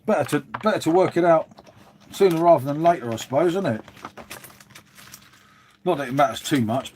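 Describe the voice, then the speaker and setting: Middle-aged bloke, casual stream host, chatty and rambling, keeps saying mate. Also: male voice, on the high side, a little mellow, slight background noise. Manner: chatty, rambling, says "mate" a lot, reads and answers viewers. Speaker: livestream host. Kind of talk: casual live-stream chat. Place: dim room at home.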